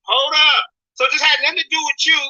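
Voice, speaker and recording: A woman's voice: sits high, fairly even intonation, brisk, sharp tone. A woman arguing in a heated online debate, insistent, talking over the other person and repeating herself. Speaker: debate panelist. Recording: muffled online call audio.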